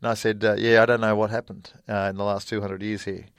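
A man's voice: on the low side, level tone, quick pace, clean tone, dry recording, clean studio sound. A middle-aged Australian man, a golfer guest, telling stories in a casual interview, full of fillers and laughs. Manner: chatty anecdotal storyteller with frequent fillers and laughs.

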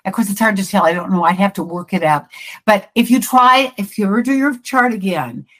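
A woman's voice: mid-range voice, fairly quick, poor audio. A middle-aged woman, a psychic guest, chatting casually in an interview, often restarting her sentences.

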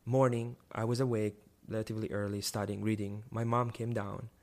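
Animated young man telling a story. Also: fairly low pitch, brisk. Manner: animated, many restarts and rising emphasis. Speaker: guest sharing a testimony. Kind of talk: personal storytelling.

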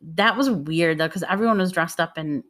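Low-voiced chatty Detroit woman. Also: normal speed, a bit bright. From Michigan. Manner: rambling storytelling, chatty. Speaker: podcast co-host. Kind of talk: casual chat.

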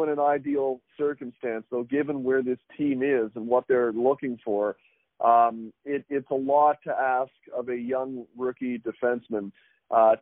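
A man giving measured analysis as a guest on a phone-in interview, talking through points with many fillers and restarts. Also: mid-range voice, no echo. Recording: tinny dry phone line.

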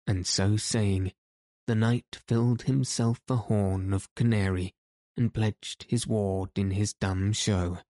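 A man narrates an audiobook with a measured, even storytelling delivery. His voice is on the low side, captured in a dry, studio-quality recording.

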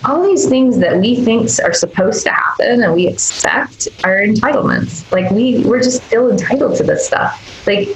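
An earnest woman talks as a guest doctor in a podcast interview, her voice gravelly with fry. She is emphatic and often slips into soft, caring quoted asides. The call audio sounds roomy and echoey. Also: fairly high pitch, expressive, normal speed, few pauses, slight background noise.

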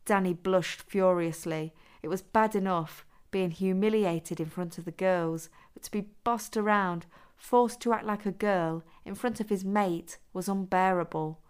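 A woman who is the author, reading her own adult story aloud in a steady, even manner. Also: mid-range voice, a little slow, hardly any pauses, smooth. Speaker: author and narrator.

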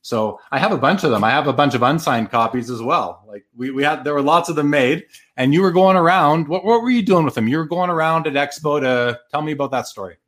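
A man's voice: fairly high pitch, fast talker, hardly any pauses, a bit bright. Upbeat male podcast host. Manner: upbeat, friendly interviewer. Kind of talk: live-show hosting.

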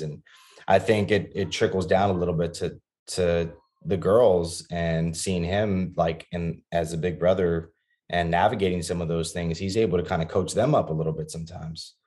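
A man's voice: deep voice, darkish tone. A man in his thirties talking as a guest on a podcast about being a father, earnest and reflective, with many restarts and fillers.

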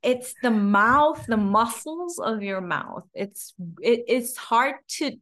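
A young woman from Macau, co-hosting a podcast in casual, animated chat, often laughing and imitating words. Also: a little high, takes it slowly, crowd noise. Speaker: podcast co-host.

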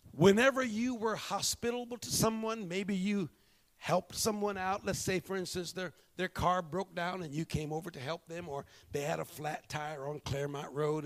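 A male pastor preaching a sermon, swinging from hushed, drawn-out lines to shouted ones. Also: sits high.

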